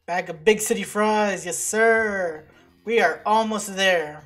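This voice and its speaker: A woman narrates her gameplay in a casual, unhurried way at a middle pitch. She gets excitable, swearing and yelping whenever things go wrong. Faint game music plays under her voice. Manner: excitable, swears and yelps at setbacks. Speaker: let's play gamer.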